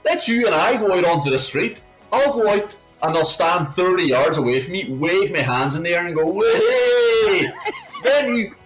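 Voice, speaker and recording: A man's voice: high voice, fairly bright tone, rough recording. Indignant, sweary male podcast voice. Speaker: podcast co-host. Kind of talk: casual football podcast chat.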